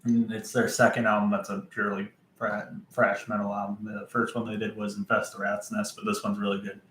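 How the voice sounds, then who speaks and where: A man's voice: lowish voice, monotone, a bit bright, reverberant, a little hiss or hum, poor audio. A man casually rambling in a vlog about his record collection, with lots of fillers and mutters to himself while he searches. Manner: rambling, halting, many fillers and self-talk while searching.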